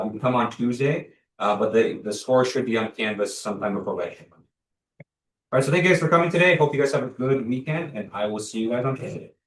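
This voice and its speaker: A man's voice: mid-range voice, a little hiss or hum. A young man lecturing a university class in a casual, filler-heavy way, often stopping to check for questions. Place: lecture hall. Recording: echoey lecture hall, distant mic.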